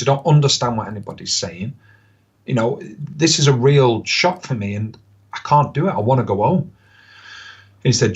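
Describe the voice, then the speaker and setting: Husky-voiced man telling stories. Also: on the low side. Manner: animated anecdotes, quick bursts, laughs often. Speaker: podcast guest, football pundit. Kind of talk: casual storytelling chat. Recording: slightly dull lo-fi podcast audio.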